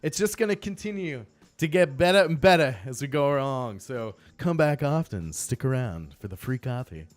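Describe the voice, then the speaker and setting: A man's voice: mid-range voice, lively intonation, normal speed, no echo, soft background music. A man chatting casually on a game live stream, upbeat and greeting viewers by name.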